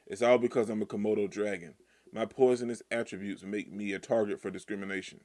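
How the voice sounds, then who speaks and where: A man reading the lines of a gentle old male Komodo dragon grandfather from a manga, quiet and even. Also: fairly low pitch, fast talker, lightly acted. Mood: somber.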